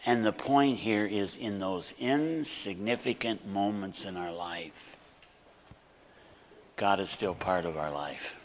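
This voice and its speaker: A man preaching a sermon as a guest pastor in a church, moving between hushed storytelling and loud, emphatic preaching. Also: on the low side, slow, big-room sound, slight background noise. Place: church sanctuary.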